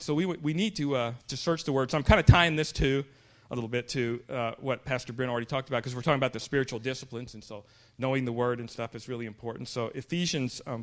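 A man's voice: mid-range voice, a bit bright. A middle-aged man giving a church sermon in a rambling, conversational way, often restarting his sentences. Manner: rambling, conversational, self-interrupting. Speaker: church speaker.

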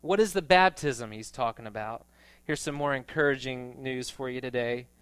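A man preaching a sermon in a conversational storytelling way, rising to loud emphatic passages. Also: medium pitch, moderate pace, clean tone, dry recording. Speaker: pastor.

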